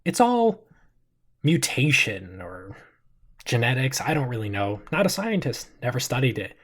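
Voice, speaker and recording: A man plays an affable, chatty suburban father in a tabletop role-play. His voice sits at an ordinary middle pitch. He is friendly on the surface but can turn intense without warning. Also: sing-song, unhurried, fairly bright tone, slightly rough, exaggerated voice.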